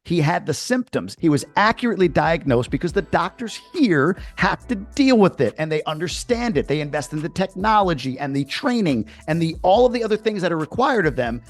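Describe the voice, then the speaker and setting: A man's voice: fairly high pitch, big pitch swings, brisk, hardly any pauses, soft background music. Indignant man ranting to camera. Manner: indignant, sarcastic. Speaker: vlogger. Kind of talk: heated commentary rant. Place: lives abroad.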